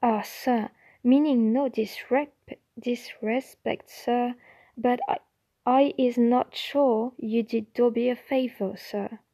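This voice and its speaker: A woman voicing Winky, a timid squeaky house elf. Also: fairly even intonation, slow, mellow, poor audio. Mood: anxious deferential. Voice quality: squeaky, quivering. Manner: deferential, broken grammar, constant "sir". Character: timid anxious female house elf servant.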